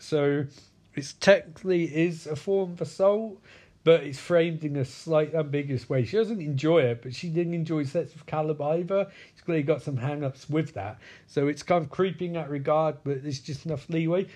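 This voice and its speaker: A man's voice: a little high, a little mellow. A man giving a casual film recap in a crude, sarcastic, profane way.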